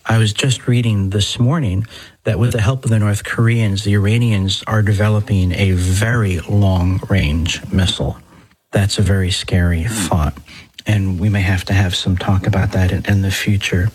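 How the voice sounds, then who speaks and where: A middle-aged priest hosts his talk show in a husky, lowish voice. He rambles conversationally from point to point and throws in folksy exclamations along the way. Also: fairly even intonation, normal speed, darkish tone, rough recording. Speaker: Catholic priest and show host. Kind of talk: podcast talk.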